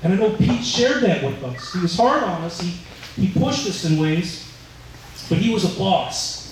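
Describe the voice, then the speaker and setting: High-voiced man telling firehouse stories in an echoey hall. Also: lively intonation, normal speed, slight background noise. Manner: storytelling, acting out voices in quotes. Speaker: firefighter giving a dedication speech. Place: large indoor room at a fire training center. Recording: very echoey hall, mic far off.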